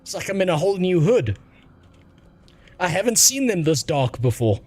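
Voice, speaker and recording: A man's voice: high voice, sing-song, moderate pace, a little mellow. Crude joking male streamer. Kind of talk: crude casual gameplay commentary.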